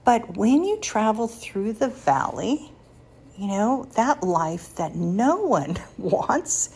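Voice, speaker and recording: A woman's voice: mid-range voice, very animated, takes it slowly, a little mellow, slightly rough. A woman in her sixties hosting a faith podcast, sharing personal stories in a confiding way and laughing lightly between thoughts. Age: 60s. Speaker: podcast host.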